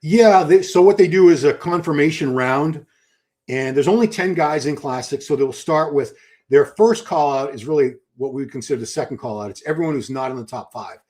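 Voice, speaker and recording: A man's voice: fairly high pitch, brisk, a little mellow. A man hosting a live stream, giving chatty, enthusiastic commentary and reading viewer questions aloud. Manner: chatty, enthusiastic, restarts a lot. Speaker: livestream host.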